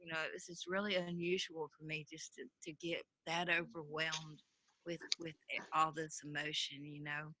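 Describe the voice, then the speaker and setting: A woman with a slightly low but bright voice, recorded dry on a call. She speaks hesitantly, stopping and restarting her sentences. The talk is a casual group conversation. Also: level tone, moderate pace, no echo, poor audio.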